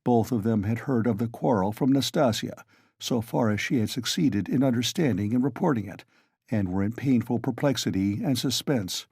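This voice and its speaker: A man narrating a classic novel in a measured, expressive audiobook reading. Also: fairly low pitch, slightly rough, dry recording, clean studio sound. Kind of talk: scripted narration.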